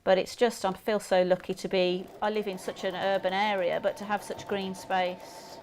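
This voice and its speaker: A woman's voice: mid-range voice, little pitch movement, moderate pace, darkish tone, a little hiss or hum. A middle-aged woman with a Black Country accent, chatting casually while demonstrating sewing, rambling with fillers and restarts.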